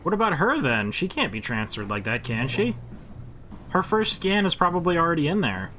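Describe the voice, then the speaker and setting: A man's voice: fairly high pitch, sing-song, normal speed, pushed and bright. A man giving jokey, rambling commentary while playing a video game. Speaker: gaming host. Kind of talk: casual let's-play commentary. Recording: game noise behind his mic.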